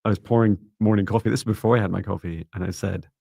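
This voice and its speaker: A man co-hosting a live psychic reading stream, chatty and quick to laugh. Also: lowish voice, steady tone, vocal fry, warm tone, dry recording, studio quality. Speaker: co-host, psychic reader.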